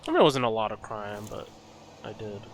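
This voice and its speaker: A man's voice: on the low side, very animated, fairly quick. A man streaming a game live, chatting in a sarcastic, ranting way. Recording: background noise.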